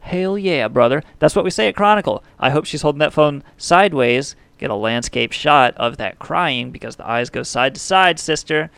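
A male comedy podcast host with a gravelly voice rants in a profane, mock-serious way. He is recorded close on a dry mic with no room sound. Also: on the high side, lively intonation, normal speed, hardly any pauses, fairly bright tone, dry recording. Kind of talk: profane satirical comedy talk.

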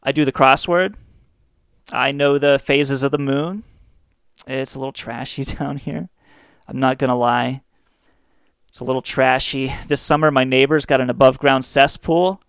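A man's voice: mid-range voice, fairly even intonation, normal speed, long pauses, a bit bright, clean tone, dry recording. A man hosting a comedy podcast, delivering a profane, mocking rant into a close mic. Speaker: podcast host. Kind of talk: ranting comedy monologue.

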